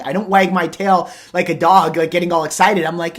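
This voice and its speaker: A man hosting an interview show, talking in a rambling, animated way and acting out little conversations as he goes. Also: high-pitched, a little fast, hardly any pauses. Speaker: host. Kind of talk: casual interview chat.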